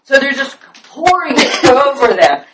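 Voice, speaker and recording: A person telling a story in casual chat, animated and laughing often while they talk. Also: sits high, a little slow, crowd noise. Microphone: phone recording. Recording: echoey room, far from phone mic, loud noise.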